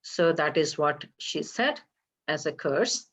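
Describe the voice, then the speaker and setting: A woman retelling a Hindu legend for a temple program, halting and explanatory, often pausing to ask her listeners questions. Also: deep voice, animated, fairly bright tone. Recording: slightly dull lo-fi recording.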